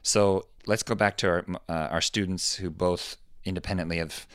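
Deep-voiced man explaining things thoughtfully. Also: moderate pace, clear, resonant tone, no echo, clean studio sound. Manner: thoughtful, acts out quoted lines with lively pitch jumps. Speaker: podcast host. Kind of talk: casual explanatory chat.

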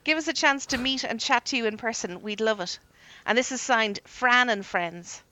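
A woman's voice: fairly high pitch, moderate pace, pushed and bright, no room sound. A woman co-hosting a casual podcast chat, reading listener emails aloud with teasing asides and frequent laughs.

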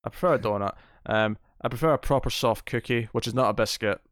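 A man's voice: mid-range voice, dry recording, clean studio sound. Opinionated British man in casual chat. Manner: animated, opinionated, quick to joke. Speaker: podcast co-host.

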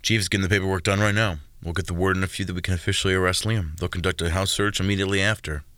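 A man narrating a storybook, voicing a male detective who talks in a brisk, matter-of-fact way. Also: deep voice, fairly even intonation, a bit bright, no echo.

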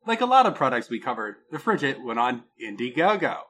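A podcast co-host tells a story about a product, his pitch swinging a lot as he laughs at his own jokes. He's very animated, talks a little fast, and has a fairly bright tone.

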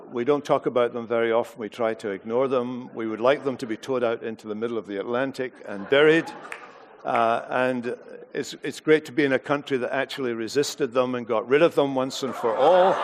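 A man's voice: mid-range voice, moderate pace, slight background noise. A man with a Scottish accent giving a sermon, joking drily and then reading scripture aloud. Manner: joking, dry humor before reading. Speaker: preacher. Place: university hall.

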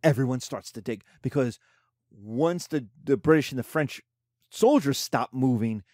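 A man's voice: mid-range voice, measured pace, a little mellow, no echo, clean studio sound. A man giving a casual history lecture as a teacher, talking colloquially and acting out the nations in quoted voices.

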